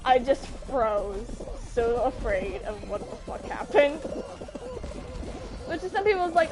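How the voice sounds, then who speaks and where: A woman's voice: a little high, very animated, unhurried, music in the background. A young adult woman streamer telling a personal story in a casual, rambling way, often stopping and restarting her sentences. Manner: rambling, self-interrupting, earnest.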